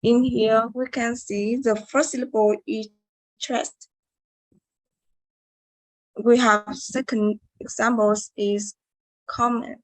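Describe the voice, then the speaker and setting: A young Vietnamese student gives a class presentation on word stress, reading carefully with hesitations and restarts. Her fairly high voice shows little pitch movement and is slow with frequent pauses. The recording is dry and of poor quality.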